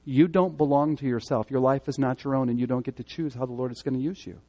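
A man giving a sermon as pastor, speaking conversationally and swinging between loud emphatic moments and quiet earnest ones. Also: medium pitch, fairly even intonation, fast, lo-fi sound. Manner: conversational preaching, rising and falling in emphasis.

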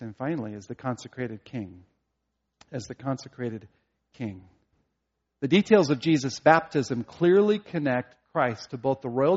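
Earnest man preaching, dull lo-fi sound. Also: fairly high pitch. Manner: earnest, rising to emphatic preaching and dropping to quiet. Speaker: pastor. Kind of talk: sermon.

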